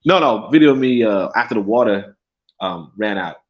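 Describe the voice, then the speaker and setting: On his laid-back livestream, this young host laughs a lot, swears freely, rambles, and says things more than once. He has a fairly low voice with lively intonation at a normal speed, heard through dull, lo-fi audio.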